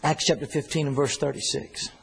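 A man teaching a Bible study in an animated, folksy way, often repeating himself. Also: a little high, fairly quick, vocal fry, a little hiss or hum.

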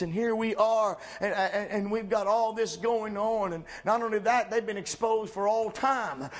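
A man preaches with an unusually high, ringing voice. His delivery is fervent and emphatic, building on repeated phrases as he drives his sermon home. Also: a little slow, few pauses.

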